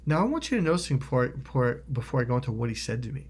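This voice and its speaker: A man's voice: medium pitch, big pitch swings, very fast, breathy edge. A man telling a personal story in a rambling monologue, restarting often, swearing casually and acting out what others said. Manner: acts out quoted voices loudly. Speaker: motivational video host.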